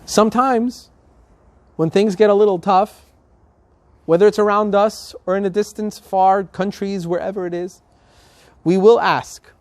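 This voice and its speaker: A man's voice: high-pitched, steady tone, measured pace, long pauses, a little mellow, no echo. A male rabbi preaching a sermon and telling a story, emphatic and building to passionate appeals.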